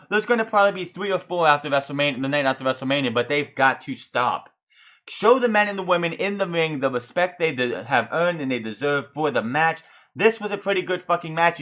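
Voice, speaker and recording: Bright-voiced man ranting profanely. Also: on the high side, expressive, a little fast. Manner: stumbles and restarts words. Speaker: wrestling show reviewer. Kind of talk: casual solo review podcast.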